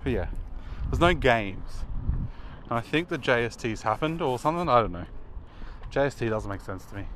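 A man's voice: medium pitch, expressive, moderate pace, pauses often, fairly bright tone. A young Australian man rambling casually as he rates names, sounding them out and adding self-mocking asides. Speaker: video creator rating player names. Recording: outdoor traffic noise.

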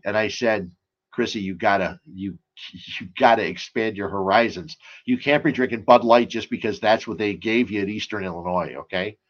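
A man's voice: lowish voice, a bit bright, highs cut off. A man hosting a casual sports and beer talk show, rambling and chatty, full of asides and stories.

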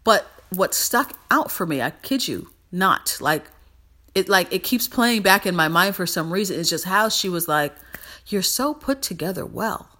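A woman hosting a podcast in a casual motivational monologue, animated and emphatic, repeating phrases for emphasis. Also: on the low side, moderate pace. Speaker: podcast host.

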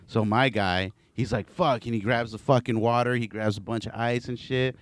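A man casually telling a story to friends on a podcast, animated and profane, acting out what people said. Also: mid-range voice, normal speed. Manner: animated, profane, acts out quoted voices. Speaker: podcast co-host.

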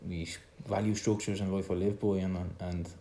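An Irish man speaking reflectively in a conversation, halting and repeating words as he searches for them. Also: low voice, flat delivery, dark tone, slight background noise. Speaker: son in a conversation.

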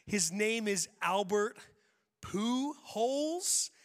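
A man's voice: high voice, expressive, drawn-out words, in a large hall, exaggerated voice. A man voicing a playful woman friend who knows nothing about baseball, exaggerating her words. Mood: teasing.

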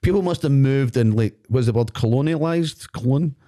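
A man's voice: mid-range voice, normal speed, dark tone. A Glaswegian man co-hosting a podcast, rambling and swearing playfully in casual chat in a studio. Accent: Glaswegian Scottish. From Scotland. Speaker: podcast co-host.

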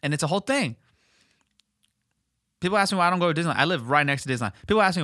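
A man hosting a podcast in casual, rambling chat, swearing heavily and animated. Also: a little high, racing, no room sound, studio quality. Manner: profane, rambling, animated, filler words. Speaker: podcast host.

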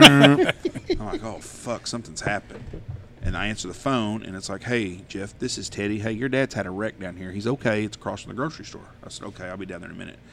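A man rattles off a story at a quick clip. His low voice has a gravelly edge, and he tells it in a profane, animated way. He is a podcast host chatting casually. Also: a little hiss or hum.

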